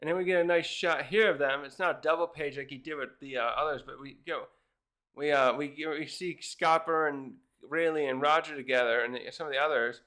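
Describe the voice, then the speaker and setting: A man's voice: a little high, steady tone, a little fast, pushed and bright. A man casually reviewing a comic chapter, rambling with many fillers and restarts. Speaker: manga reviewer.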